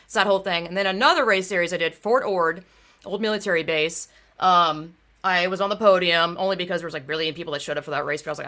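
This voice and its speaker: A young woman hosting a casual talk show, blunt and profane, swinging from quiet asides into outraged rants. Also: fairly low pitch, fast. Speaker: host. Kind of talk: casual podcast chat.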